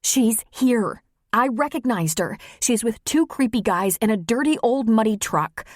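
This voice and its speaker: A woman's voice: a little high, expressive, a little slow, no echo, clean studio sound, voice pushed up. A woman reading an audiobook, voicing a frightened young woman who runs a camp store, urgent and pleading.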